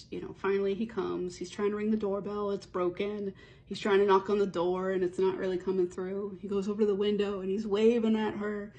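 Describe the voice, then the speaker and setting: A woman's voice: mid-range voice, dark tone. A woman casually telling a story in a rambling, chatty way, stringing events together with run-on phrases. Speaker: storyteller pitching a movie idea.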